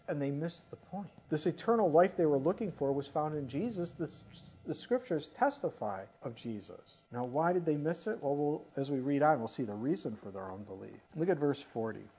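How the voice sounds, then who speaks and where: Male pastor, fairly high voice, emphatic sermon delivery with lively asides; dull lo-fi recording. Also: breathy edge. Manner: emphatic, rises to sudden animated asides. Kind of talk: expository sermon.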